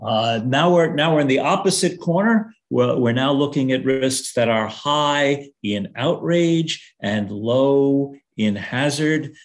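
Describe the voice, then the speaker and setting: An older man lectures on risk communication and calls for the next slide. He speaks haltingly, with many fillers and restarts, a dry sense of humor, and a medium pitch.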